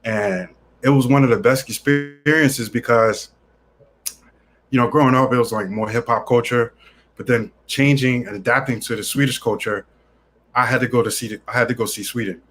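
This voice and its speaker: A man, a guest in a casual interview, telling lively, slang-filled stories about how he started traveling. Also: medium pitch, a little hiss or hum. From New York City.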